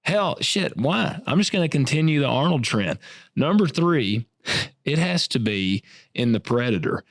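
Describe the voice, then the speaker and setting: A man co-hosting a podcast, telling stories in a relaxed, rambling way with drawn-out fillers. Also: mid-range voice, no room sound. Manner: laid-back, storytelling, drawn-out fillers. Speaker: podcast co-host. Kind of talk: casual chat.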